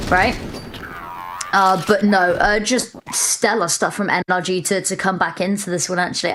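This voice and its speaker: British woman giving wry esports analysis. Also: mid-range voice. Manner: analytical, wry, joking asides. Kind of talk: live esports color commentary.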